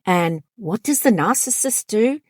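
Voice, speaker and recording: A woman's voice: medium pitch, animated, a little slow, breathy edge, no echo, clean studio sound. A woman counsellor talking directly to her audience in an emphatic advice monologue, sometimes acting out quoted lines. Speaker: counsellor and channel host.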